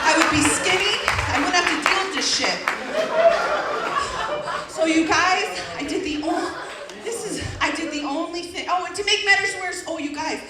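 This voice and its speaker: A young woman with a high voice tells a raucous, profane story on stage, laughing through her lines. She sounds far from the mic in an echoey room, with a loud crowd and background noise behind her. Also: expressive, normal speed. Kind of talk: live storytelling. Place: stage before a live audience. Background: audience laughter and noise.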